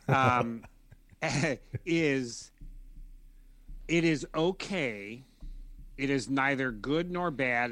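A man answering an interview question, explaining feelings in a measured way and repeating phrases as he lists them. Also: medium pitch, bright, forceful tone, clean tone, no echo. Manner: measured, repetitive listing of feelings. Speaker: guest expert.

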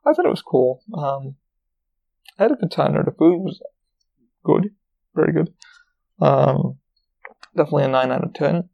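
Gravelly man telling a rambling story. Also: a little high, lively intonation, moderate pace, pauses often, muffled recording. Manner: rambling, profane, full of fillers. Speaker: podcast host. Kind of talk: casual storytelling.

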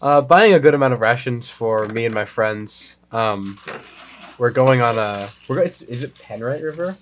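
A man's voice: mid-range voice, expressive, normal speed, background noise. A man taking part as a player in a tabletop game, asking about rules and speaking hesitantly for his character. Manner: hesitant, questioning, steps in and out of character. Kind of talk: casual tabletop game play.

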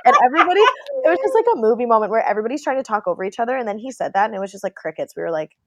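A woman's voice: medium pitch, racing, heavy background noise. A young woman casually telling a story to a friend, laughing often and acting out what people said. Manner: animated, laughing often, quoting people in voices.

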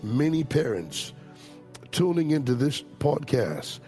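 A man giving an emotional testimony and fervent prayer as an evangelist guest, swinging from hushed, tearful words to loud declarations. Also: medium pitch, sing-song, slow pace, soft background music.

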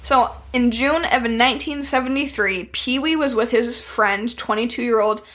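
A woman with a somewhat high voice co-hosts a casual true-crime podcast. She tells the case bluntly and swears freely. She slows down over the grim details. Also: fairly bright tone. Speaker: podcast co-host telling the case.

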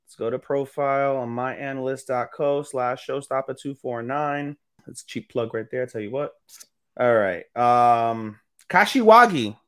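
A man co-hosting a podcast, recapping an anime episode in a rambling, profane, animated way. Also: medium pitch, moderate pace, clean tone, no room sound, studio quality. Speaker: podcast co-host. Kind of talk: casual chat, anime recap.

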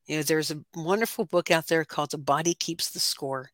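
A woman's voice: low-pitched, fairly quick, no room sound. A woman guest, a life coach and author, speaking earnestly and reflectively in an interview conversation, sometimes repeating words as she searches for them.

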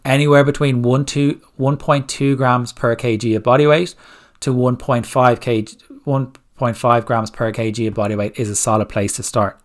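A man's voice: mid-range voice, steady tone, normal speed. A man hosting a solo coaching podcast, giving blunt, direct fat-loss advice and firing off rhetorical questions. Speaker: fitness coach, podcast host.

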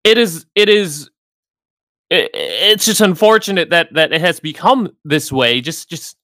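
A man's voice: a little high, expressive, unhurried, bright, forceful tone, dry recording. A man co-hosting a podcast, getting heated and emotional as he rants and swears. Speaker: podcast co-host. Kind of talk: casual podcast rant.

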